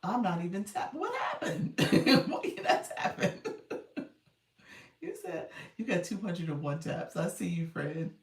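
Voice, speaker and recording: A woman's voice: fairly low pitch, wildly swooping pitch, a little slow. A woman hosting a casual livestream, chatting with viewers and thanking them, laughing often and calling them y'all. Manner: giggly, often breaking into laughter. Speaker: livestream host and coach. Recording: roomy and distant from mic.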